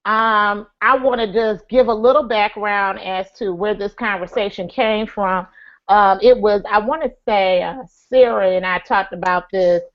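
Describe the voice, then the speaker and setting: A woman moderating a live online panel discussion, speaking with frequent pauses and fillers. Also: medium pitch, steady tone. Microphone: video call. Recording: lo-fi web call audio.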